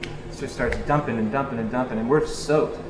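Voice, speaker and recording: Animated story-telling man, echoey room. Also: medium pitch, fairly quick. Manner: animated, swears freely, laughs mid-story. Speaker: interview guest, touring musician. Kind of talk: casual storytelling.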